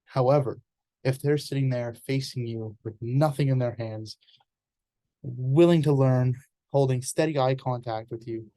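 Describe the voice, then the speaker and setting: A man's voice: medium pitch, measured pace, dark tone, no echo. A man giving an informal explanatory presentation in an earnest, conversational way, often restarting words mid-sentence.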